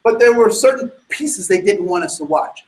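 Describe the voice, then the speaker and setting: A man giving an animated, emphatic sermon-like talk to an audience, full of rhetorical questions and restarts. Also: high-pitched, moderate pace, reverberant, poor audio. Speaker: speaker addressing an audience.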